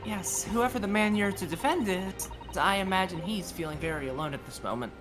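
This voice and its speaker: A streamer voicing a gentle young female assistant in a game, speaking softly and slowly. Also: medium pitch, music in the background, lightly acted. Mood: concerned. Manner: soft, quiet, slow.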